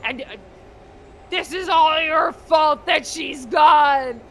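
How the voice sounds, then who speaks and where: A woman voicing an angry father who shouts and blames his young son. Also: high-pitched, slow, slight background noise, voice pushed up. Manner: shouting, bitter.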